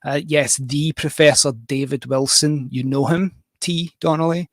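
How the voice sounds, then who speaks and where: A man's voice: a little high, fairly even intonation, a little slow, no room sound. A Scottish man hosting a casual livestream, talking in a rambling, jokey, self-deprecating way. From Scotland. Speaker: livestream host and musician.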